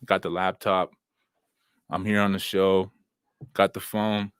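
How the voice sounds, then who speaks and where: A man's voice: low voice, level tone, takes it slowly, smooth, no echo, clean studio sound. Laid-back, slangy young man hosting. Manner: laid-back, slangy, lots of fillers and shout-outs. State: recovering from injuries, sitting down. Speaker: host. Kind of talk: casual livestream chat. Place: at home, seated with laptop and phone.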